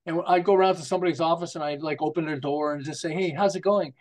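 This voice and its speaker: Casual storytelling comes from an older marketing consultant, age 60s plus, guesting on a podcast. His voice is a little high, his pace quick, and he stays animated, laughing a lot through his jokes and anecdotes.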